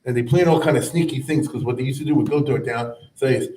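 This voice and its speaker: A male teacher explains old texts in a relaxed, talky way, breaking into chanted verse before paraphrasing it. His voice sits in the middle range and sounds off-mic, with the hollow ring of a large room around it. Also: mid-range voice, quick pace. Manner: conversational, chanting Hebrew verses then translating, many asides. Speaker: rabbi teaching a class. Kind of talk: informal explanatory lecture. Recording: echoey room, mic at a distance.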